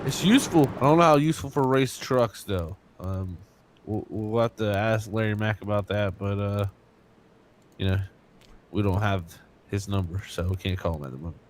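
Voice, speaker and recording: A man's voice: on the low side, normal speed. A young man commentating a sim race live, chatty and joking, with lots of fillers. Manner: casual, joking, filler-heavy.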